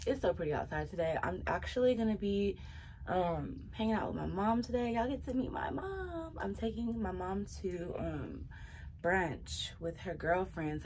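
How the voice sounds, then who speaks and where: A woman's voice: lowish voice, background noise. A young woman, chatting casually to her phone camera in a slang-filled vlog. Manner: relaxed, chatty, laughs often, lots of slang. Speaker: vlogger.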